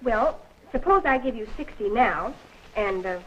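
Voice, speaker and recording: An actress playing a sweet, eager young newlywed wife in a 1940s film, talking in a gushing, affectionate way. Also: female voice, fairly high pitch, lively intonation, measured pace, husky. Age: young adult. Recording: dull old film soundtrack, faint hiss.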